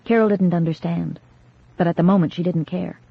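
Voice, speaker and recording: A woman reads an audiobook in a measured, dramatic way, her voice lowish and a little husky. The sound is dull and dry, like a 1980s studio cassette recording. She keeps a steady narrator's pace. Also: no echo. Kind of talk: scripted narration.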